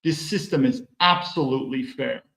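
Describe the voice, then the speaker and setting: A man voicing a callous, dismissive rich billionaire who speaks slowly and coarsely. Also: medium pitch, gravelly, fairly bright tone. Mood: contemptuous. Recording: echoey, dull room sound.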